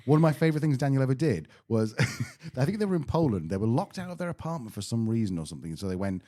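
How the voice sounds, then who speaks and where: A man's voice: mid-range voice, big pitch swings, quick pace, warm tone. A British man co-hosting a podcast in casual chat, joking and self-deprecating. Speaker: podcast co-host.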